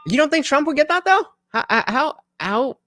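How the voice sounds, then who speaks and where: A man's voice: extremely high pitch, animated, moderate pace, bright, forceful tone, no echo, faint music behind. A man hosting a casual political livestream, thinking aloud with many fillers and restarts as he reads chat comments. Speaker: livestream host.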